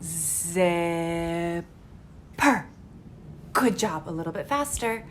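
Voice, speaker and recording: A woman's voice: on the low side, very slow, a little hiss or hum. A woman speech therapist leading a word practice lesson for young children, talking in an exaggerated, encouraging sing-song with frequent gasps and carefully modeled words.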